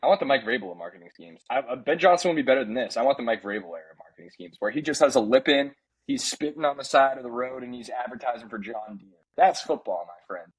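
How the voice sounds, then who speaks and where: A man co-hosting a casual sports podcast, ranting in an animated way and slipping into mock impressions. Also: mid-range voice, fast talker, breathy edge, poor audio. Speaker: podcast co-host.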